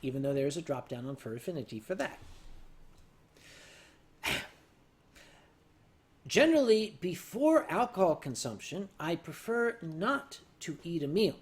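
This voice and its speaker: Lively, deadpan man hosting a stream. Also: a little high. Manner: dry, deadpan humor; tipsy and loose while sipping sake. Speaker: livestream host. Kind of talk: casual livestream chat answering viewer questions.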